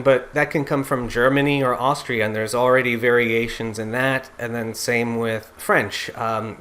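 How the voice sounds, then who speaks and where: A man giving an informal lecture to singers, with a voice of ordinary middle pitch. He explains step by step in an easy, conversational way, as a teacher talking through a topic. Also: fairly bright tone. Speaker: singing teacher.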